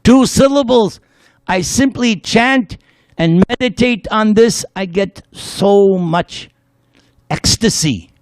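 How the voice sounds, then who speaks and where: Male spiritual lecturer, high and lively voice, playful storyteller, dry sound. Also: takes it slowly, no room sound. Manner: playful, leads the audience in call-and-response chanting; storytelling with jokes. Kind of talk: devotional class lecture.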